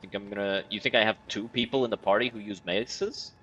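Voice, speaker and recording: A man's voice: on the low side, steady tone, brisk, a bit bright, highs cut off, slight background noise. A man streaming a video game in casual commentary, reading in-game text aloud and reacting with wry, profane remarks. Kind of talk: casual let's-play commentary.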